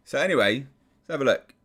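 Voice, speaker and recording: A YouTube commentator with an English accent and a gravelly, mid-range male voice delivers casual, sarcastic commentary. He sounds exasperated and swears freely.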